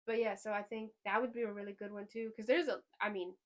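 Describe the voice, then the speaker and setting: A woman hosting a podcast in casual chat, rambling and excitable, often trailing off mid-sentence. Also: medium pitch, fast. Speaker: podcast host.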